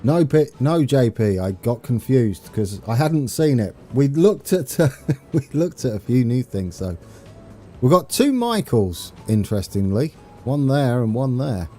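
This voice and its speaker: A man's voice: medium pitch, sing-song, unhurried, mellow. A man from the UK chatting casually with viewers on a live stream while playing a train game, rambling and chuckling as he reads chat. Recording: faint game music behind.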